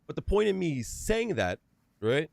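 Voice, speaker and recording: A man's voice: fairly high pitch, big pitch swings, unhurried, creaky, a little mellow, no echo. A man streaming and chatting casually, telling stories in a profane, emphatic way. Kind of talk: casual livestream chat.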